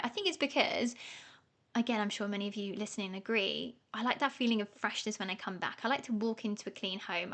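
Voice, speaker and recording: A woman's voice: mid-range voice, fairly bright tone. A middle-aged woman hosting a podcast, talking casually and self-mockingly, often laughing. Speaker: podcast host. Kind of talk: casual solo podcast talk.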